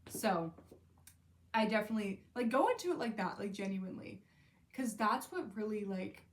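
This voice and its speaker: A woman's voice: medium pitch, expressive, moderate pace, slight background noise. A young woman vlogging about books she loves, gushing and emotional, full of "like" and half-finished sentences. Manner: gushing, emotional, lots of fillers. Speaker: book vlogger. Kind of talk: casual book review monologue.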